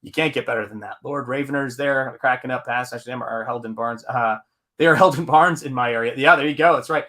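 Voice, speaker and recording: Male streamer, bright tone, rambling and chatty while reading chat. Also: medium pitch, brisk. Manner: rambling, reads chat aloud with fillers. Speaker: comic artist hosting a live stream. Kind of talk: casual live-stream chat.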